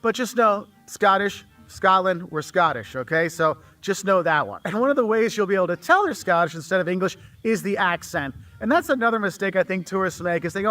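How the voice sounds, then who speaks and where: A man's voice: high-pitched, animated, brisk, few pauses, sharp tone, soft background music. A man giving casual travel advice straight to the camera, chatty and checking in with the viewer. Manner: chatty, repeats 'okay?' to the viewer. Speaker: travel video creator.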